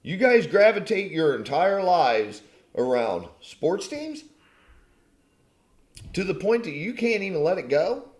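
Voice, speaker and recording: A man's voice: sits high, big pitch swings, slow pace, long pauses. A man ranting angrily at his viewers, swearing constantly and mocking them in a combative, profane tone. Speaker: channel host. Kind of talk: angry profane rant to camera. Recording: roomy echo.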